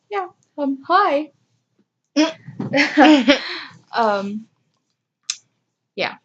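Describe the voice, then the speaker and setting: A young woman casually telling a personal story, self-mocking and acting out what others said. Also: on the high side. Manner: chatty, self-mocking, acts out quoted voices.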